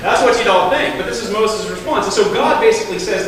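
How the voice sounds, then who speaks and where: Talking fast with hardly any pauses, a pastor preaches animatedly and conversationally, often slipping into quoted voices to make his point. His voice is high with wide pitch swings, and it carries from a distance across a reverberant hall with faint background noise.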